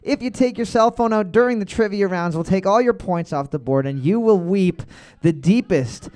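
A man with a notably high voice runs a rowdy comedy trivia night. He reads the questions in a steady quizmaster cadence and fills the gaps with deadpan, silly jokes. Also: normal speed. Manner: joking, deadpan absurd asides, quiz-reading cadence. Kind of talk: live bar trivia banter. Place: bar.

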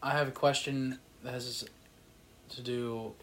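A man's voice: mid-range voice, little pitch movement, a little slow, a bit bright, slight background noise. A young man co-hosting a sports podcast, jokey and self-deprecating in casual banter. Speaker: podcast co-host.

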